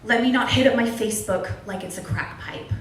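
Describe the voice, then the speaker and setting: Young woman at an open mic doing candid spoken word; recorded from afar in a booming room. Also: expressive, a little fast, a bit bright, slight background noise. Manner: earnest, candid, with wry humor. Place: small club at an open mic. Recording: distant echoey room recording.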